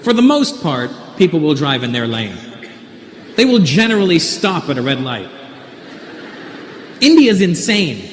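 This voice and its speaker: A man doing stand-up comedy from Canada, animated and teasing the audience as he tells stories on a large theater stage. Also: a little high, a little slow, long pauses, slight background noise. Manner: animated, teasing audience members, puts on voices. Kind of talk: stand-up comedy with crowd work.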